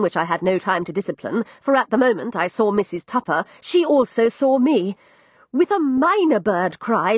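A woman narrates a first-person tale with wry, expressive storytelling. Her voice swings animatedly with a soft, breathy grain, recorded dry and close to the mic. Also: on the high side, no echo. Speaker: audiobook narrator.

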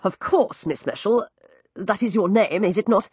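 A woman voicing a polished aristocratic gentleman with dry humour and courteous manners. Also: mid-range voice, animated, normal speed, breathy edge, no room sound.

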